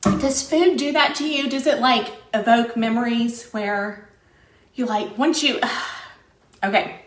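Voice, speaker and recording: Chatty high-voiced woman, echoey kitchen. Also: slow pace, slight background noise. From West Virginia. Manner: chatty and upbeat, laughs often. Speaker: food blogger hosting a live cooking stream. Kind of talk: casual live-stream chat to viewers. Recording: echoey room sound.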